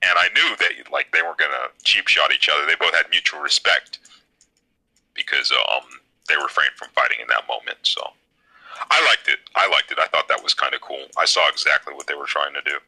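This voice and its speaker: A man's voice: extremely low pitch, a little fast, sharp tone, slightly rough, low-quality recording. A young man hosting a casual podcast chat, enthusiastic and upbeat, steering the talk.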